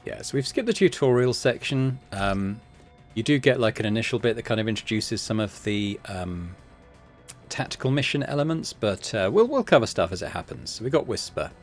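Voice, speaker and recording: A man's voice: lowish voice, very animated, brisk, soft background music. A man hosting a casual let's-play, chattily explaining game systems with many fillers. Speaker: gaming channel host.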